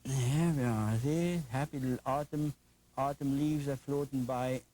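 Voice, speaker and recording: A man's voice: medium pitch, fairly even intonation, measured pace, dark tone, poor audio. An older man with a German accent, teaching a painting lesson in an enthusiastic, folksy, chatty way with playful asides. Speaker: painting instructor.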